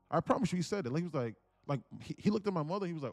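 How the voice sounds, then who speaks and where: A young man livestreaming, telling a family story in a blunt, animated rant and saying "bro" constantly. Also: on the high side, rapid-fire, few pauses, dry recording, soft background music. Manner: blunt, repeats "bro" constantly, grows louder and more insistent. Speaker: livestream day trader.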